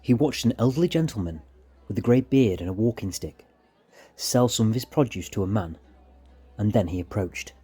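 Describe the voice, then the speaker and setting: A man narrating a short story in a measured, steady reading. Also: fairly low pitch, breathy edge.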